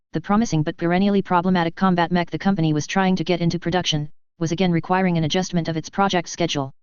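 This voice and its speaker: Smooth, resonant audiobook narrator. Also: mid-range voice, dry recording, lo-fi sound. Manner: steady, formal storytelling. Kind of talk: scripted narration.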